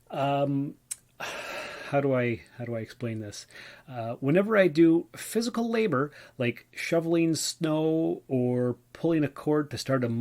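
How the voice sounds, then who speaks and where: A man's voice: mid-range voice, a little mellow. A man hosting a casual solo podcast, rambling and stumbling over his words as he tells a personal story. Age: adult, working mailman. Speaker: podcast host.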